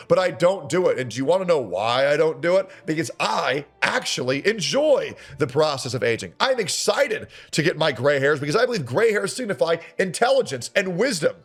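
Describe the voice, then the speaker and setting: Sarcastic ranting man with a lively voice. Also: on the high side. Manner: sarcastic, indignant, profane. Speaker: streamer reacting to a clip. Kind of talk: ranting reaction commentary.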